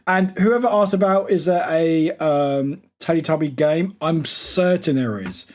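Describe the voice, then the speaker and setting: A man chatting casually to viewers on a live stream, excitable and quick to break into laughter. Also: on the high side.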